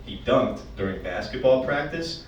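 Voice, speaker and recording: A man's voice: mid-range voice, animated, normal speed, muffled recording. A young man from rural Pennsylvania doing a loose, profane, self-mocking stand-up set. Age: young adult. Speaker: stand-up comedian. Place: small apartment comedy show. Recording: echoey room, distant, noisy.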